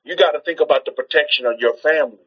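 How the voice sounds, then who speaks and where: A man's voice: fairly high pitch, rapid-fire, husky, lo-fi sound. A man preaching in an informal teaching style on a livestream, exhorting his listeners, repeating rhetorical questions and often restarting his sentences.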